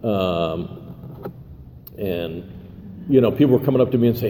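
A man's voice: medium pitch, normal speed, long pauses. An older man giving a personal recovery share, rambling with many fillers and restarts and a self-deprecating humor. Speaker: recovery meeting speaker. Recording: echoey hall with faint noise.

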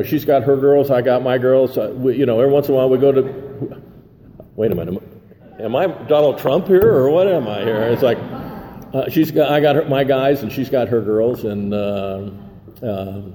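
A man's voice: mid-range voice, dark tone. An older man giving a personal recovery share, rambling with many fillers and restarts and a self-deprecating humor. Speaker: recovery meeting speaker. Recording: echoey hall with faint noise.

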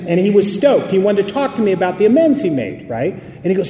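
A man's voice: high-pitched, big pitch swings, brisk, mellow, slight background noise. A man giving an emphatic recovery talk, telling stories and acting out the dialogue. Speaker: recovery speaker. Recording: echoey hall recording.

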